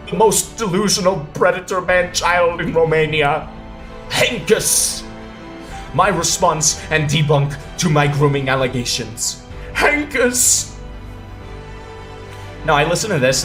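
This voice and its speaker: A man's voice: on the high side, a bit bright. Profane sarcastic young man commenting. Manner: sarcastic, profane, often laughing. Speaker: commentary video host. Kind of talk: casual reaction commentary.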